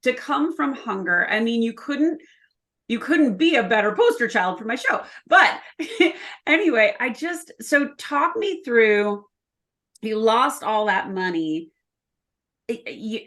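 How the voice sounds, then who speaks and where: A woman's voice: fairly high pitch, lively intonation, slow, fairly bright tone. A woman hosting a podcast, drawing out her guest's story. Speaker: podcast host. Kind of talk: interview.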